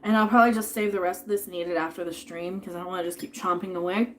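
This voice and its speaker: A woman's voice: on the low side, fairly even intonation, very fast, fairly bright tone, slight background noise. A woman in her thirties chatting casually on a live stream while she eats dinner, rambling, reading out viewer tips and thanking people, sometimes talking with food in her mouth.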